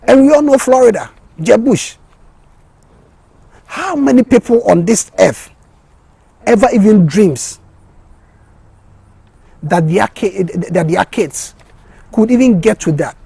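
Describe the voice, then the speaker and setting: A man giving a motivational talk in an impassioned way, often repeating words and restarting, with excited peaks. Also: high voice, vocal fry, slightly rough, no room sound.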